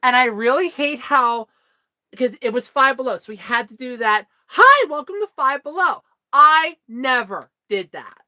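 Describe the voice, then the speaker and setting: A woman vlogger telling stories in a casual chat, animated, swearing freely and laughing often. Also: a little high, normal speed, no room sound.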